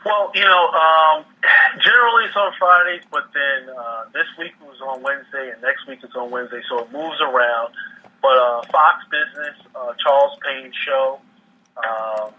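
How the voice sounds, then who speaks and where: Husky-voiced man on a call. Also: mid-range voice, moderate pace. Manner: repeats and restarts words often. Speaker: guest economic commentator. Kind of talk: casual interview over a call. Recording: muffled phone-line audio.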